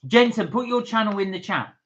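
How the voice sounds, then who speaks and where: A man's voice: high-pitched, fairly quick, a bit bright, muffled recording. A man co-hosting a casual live stream from England, chatting and reading viewer comments aloud.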